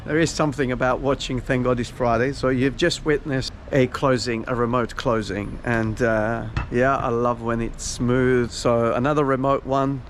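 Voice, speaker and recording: Guy vlogging a house tour, keen and chatty, mid pitch, a little background noise. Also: steady tone, normal speed, hardly any pauses. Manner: enthusiastic, explaining as he walks. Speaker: property consultant vlogger. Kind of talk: walking property tour vlog.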